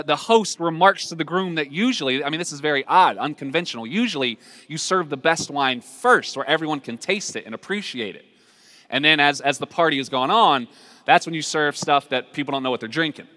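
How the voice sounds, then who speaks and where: A man's voice: a little high, fairly quick. Man preaching in a reverberant hall. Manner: conversational, warm asides with repeated restarts. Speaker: pastor. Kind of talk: sermon.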